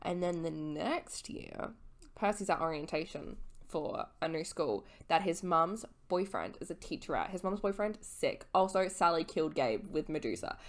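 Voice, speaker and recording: A woman's voice: low-pitched, expressive, moderate pace. A young woman in her twenties, a little tipsy, giving a casual, rambling book recap as a vlogger, swearing and correcting her own slips.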